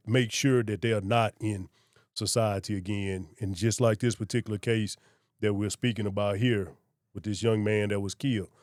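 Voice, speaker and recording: Low-voiced man. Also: a little mellow, no echo, studio quality. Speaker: sheriff, guest. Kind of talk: casual interview conversation.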